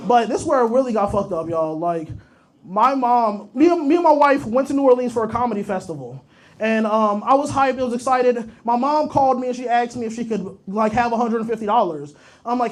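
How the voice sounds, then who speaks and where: A man's voice: extremely high pitch, animated, a little fast. A young man performing a profane, rambling stand-up comedy set, telling stories straight to the crowd. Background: audience laughter.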